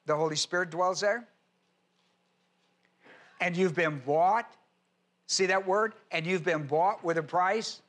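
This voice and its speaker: Emphatic high-voiced male pastor. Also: slow pace, pauses often, fairly bright tone. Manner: reads scripture aloud and spells out Greek words. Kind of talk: expository Bible teaching sermon.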